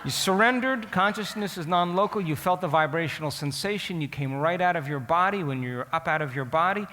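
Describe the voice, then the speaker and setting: Guy teaching a crowd, acts out his own thoughts, sharp tone, echoey big hall. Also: a little high, a little fast. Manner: animated, asks the audience direct questions. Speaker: speaker teaching an audience. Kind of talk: storytelling lecture.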